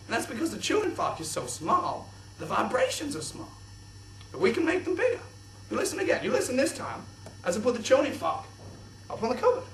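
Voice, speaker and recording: A young man presenting a kids' science show in an exaggerated, excitable host voice. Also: extremely high pitch, brisk, a little hiss or hum. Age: young adult. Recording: echoey room, distant mic.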